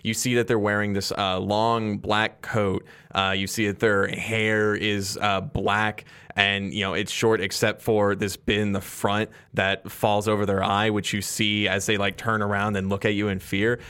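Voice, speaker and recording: A man's voice: lowish voice, little pitch movement, a little slow, hardly any pauses, fairly bright tone, clear, resonant tone. Man narrating as game master. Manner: loose, filler-heavy narration.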